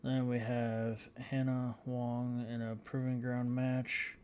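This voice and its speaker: A man giving casual gameplay commentary as a channel host, reading out results haltingly with frequent fillers. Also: medium pitch, monotone, darkish tone, a little hiss or hum. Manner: halting, reads out scores with many fillers.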